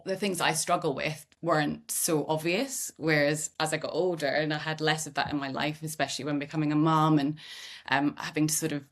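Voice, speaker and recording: A middle-aged woman from Scotland, a podcast host, speaking candidly and thoughtfully in relaxed conversation with some self-deprecating humour. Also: low-pitched, brisk. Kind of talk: reflective conversational chat.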